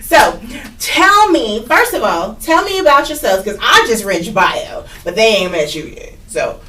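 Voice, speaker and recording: Bubbly black host lady, high lively voice, teasing, roomy distant mic. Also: unhurried. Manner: playful, teasing, laughs often. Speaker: talk show host. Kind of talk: casual panel talk show. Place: studio room with guests at a table.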